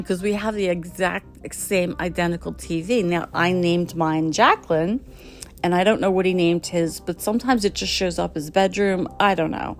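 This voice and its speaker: Animated, exasperated woman. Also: on the low side, normal speed. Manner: animated, exasperated, acts out the dialogue. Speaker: podcast host. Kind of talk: casual storytelling.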